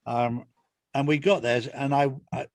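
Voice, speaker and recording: A man's voice: medium pitch, steady tone, a little slow, no echo. An older retired Englishman giving an interview in a casual, earnest way, repeating his points for emphasis. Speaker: interview guest, author.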